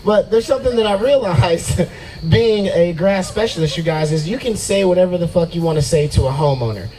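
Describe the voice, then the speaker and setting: A man's voice: high voice, brisk, a little mellow, poor audio. A man in his forties doing a profane, boastful stand-up set at an outdoor open mic, laughing at his own jokes. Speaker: stand-up comedian. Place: open mic at a brewery, out of doors.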